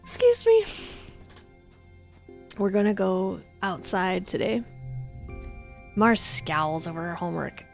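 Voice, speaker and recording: A woman streamer plays a story game live, chatting casually and reading the narration aloud. Her voice is mid-pitched and ordinary. Soft game music plays underneath. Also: huge pitch swings, takes it slowly, vocal fry, pauses often.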